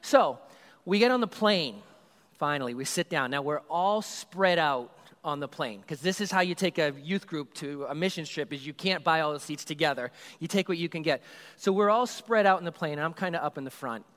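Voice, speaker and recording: Animated man telling a story in a hall. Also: fairly high pitch, fairly quick. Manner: animated, rambling, acts out scenes. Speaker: youth group leader telling a story. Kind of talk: comedic storytelling. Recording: reverberant hall.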